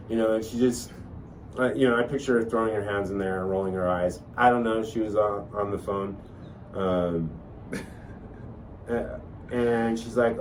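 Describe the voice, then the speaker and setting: Speaking at a normal speed in a lowish voice, a man hosting a podcast works through a lengthy personal tale, rambling and relaxed with many fillers and false starts. The mic sounds distant, with a bit of faint noise.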